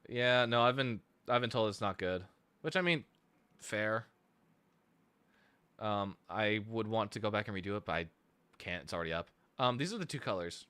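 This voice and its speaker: A man's voice: on the low side, animated, normal speed, long pauses, pushed and bright, smooth, dry recording. A man chatting casually on a live stream, rambling and self-deprecating as he thinks aloud, tired from lack of sleep. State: sleep deprived. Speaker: streamer and musician.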